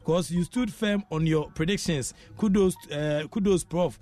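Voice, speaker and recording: A man with a Ghanaian accent hosts a sports show from a radio studio, reading listener messages in a chatty way and dropping in local phrases. His voice is high, unhurried and mellow.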